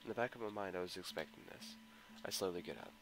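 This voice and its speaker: With a deep voice and fast delivery, a visual novel mod reader performs an emotional, anguished first-person narration in dramatic style. Guitar music plays underneath, and the audio is poor.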